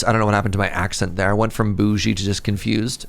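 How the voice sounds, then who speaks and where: A man's voice: on the low side, level tone, quick pace, gravelly. Playful male game streamer. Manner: playful, joking, chatting with viewers. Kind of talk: casual live-stream chat.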